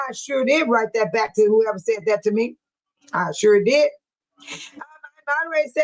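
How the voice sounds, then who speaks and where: Expressive and a little fast, her slightly high voice comes through poor audio. She's a middle-aged livestream host from the Dolton, Illinois area who keeps things casual, reading viewer comments, chatting and teasing viewers by name.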